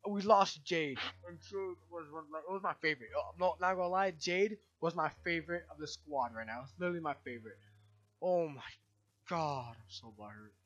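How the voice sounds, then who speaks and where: A young man commentating his own video game playthrough with loud, exasperated outbursts and slangy talk. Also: on the high side, a little fast, no echo, muffled recording. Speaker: let's play host. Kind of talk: gaming commentary.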